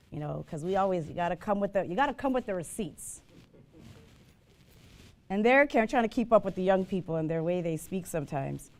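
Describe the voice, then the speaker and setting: A woman's voice: mid-range voice, animated, normal speed. A woman teaching the Bible to a live group. She tells digressive stories and puts questions to her listeners. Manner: chatty, digressive storytelling, asks the audience questions.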